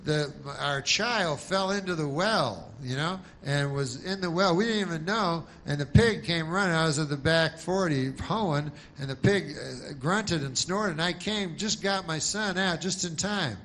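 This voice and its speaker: A man's voice: on the high side, unhurried, few pauses, fairly bright tone, slight background noise. A man voicing a proud, folksy farmer earnestly bragging about his pig. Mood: boastful.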